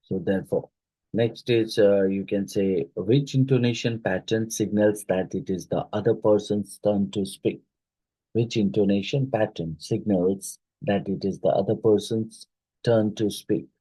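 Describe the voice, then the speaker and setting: A man leads an exam-prep lecture, reading out each question and repeating it before working through the answer. His voice sits low and mellow with a slightly husky edge. The recording is dry, with no room sound. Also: fairly even intonation, a little slow, no room sound, rough recording. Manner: talks through questions, repeats them aloud, many fillers. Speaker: teacher.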